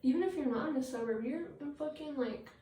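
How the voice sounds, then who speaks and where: Doing her makeup on camera for a get-ready-with-me video, a woman vlogger fires off a blunt rant in a high voice at a quick pace. She swears a lot and keeps trailing off into fillers. Faint noise, room echo and a distant mic mark the recording.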